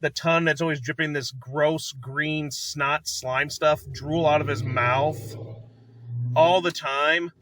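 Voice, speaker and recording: Bright-voiced enthusiastic male movie reviewer. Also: fairly high pitch, fairly even intonation, takes it slowly, no room sound. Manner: rambling, enthusiastic, laughs often, acts out movie lines. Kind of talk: casual movie review chat.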